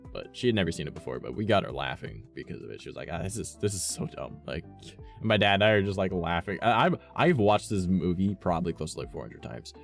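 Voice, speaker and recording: A man's voice: low voice, very animated, fast talker, gravelly, few pauses, faint music behind. A man, a streamer chatting casually and telling a rambling, profane story, acting out the lines of the people in it.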